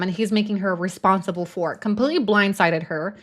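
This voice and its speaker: A woman's voice: mid-range voice, steady tone, brisk, fairly bright tone. A woman hosting a live show, giving blunt, emphatic commentary on a recorded phone call, with casual swearing. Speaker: host.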